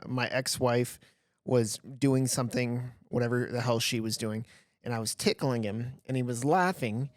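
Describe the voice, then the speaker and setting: A man's voice: mid-range voice, no echo, clean studio sound. A man co-hosting a casual podcast, telling stories with lots of stammered restarts and swearing. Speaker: podcast co-host. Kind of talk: casual chat, storytelling.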